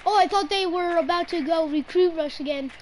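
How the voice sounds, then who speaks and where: A woman streaming her gameplay, giving excitable live commentary and teasing her teammates in mock outrage. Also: very high voice, fairly quick, a little hiss or hum, low-quality recording. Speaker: gamer streaming her play.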